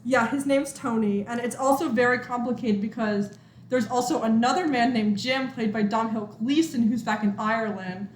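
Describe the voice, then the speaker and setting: A higher-pitched woman co-hosting a podcast in easy chat, giggly and teasing. Her voice rings in an echoey room over a faint background hiss. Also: moderate pace. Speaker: co-host of a movie podcast. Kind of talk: casual chat.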